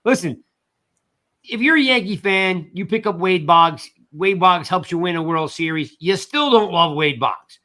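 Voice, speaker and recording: A man hosting a casual sports talk livestream, talking in an animated way and greeting viewers in the chat. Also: high-pitched, a little slow. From South Jersey. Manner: animated, reads chat shout-outs. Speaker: podcast host.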